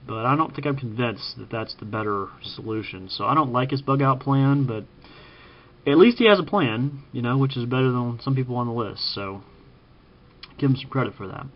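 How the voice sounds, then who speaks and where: Halting casual man from Kansas, lo-fi. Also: medium pitch. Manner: halting, frequent ums and uhs, self-correcting. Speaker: vlogger ranking TV preppers. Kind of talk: casual spoken commentary.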